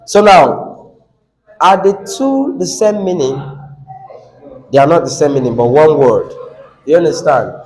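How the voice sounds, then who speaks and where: A man with a Nigerian English accent leads a classroom lesson on word stress. His fairly high voice swings widely in pitch, and he speaks slowly. He repeats words and keeps asking the class questions. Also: lively intonation, a little mellow, poor audio. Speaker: English teacher.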